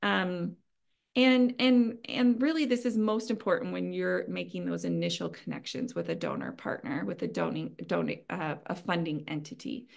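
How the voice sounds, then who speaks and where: A woman's voice: lowish voice, expressive, normal speed, vocal fry. A woman presenting at an online training session, giving practical advice in an earnest, conversational way with frequent ums and small laughs. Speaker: webinar presenter.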